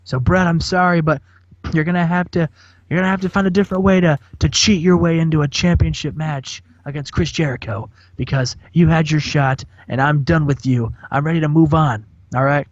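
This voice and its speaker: A man's voice: on the high side, steady tone, a little fast, no echo, natural voice. A man voicing a cocky, self-pitying male champion wrestler who complains of being cheated. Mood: indignant. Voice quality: indignant, raised voice. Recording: dull dry lo-fi mic.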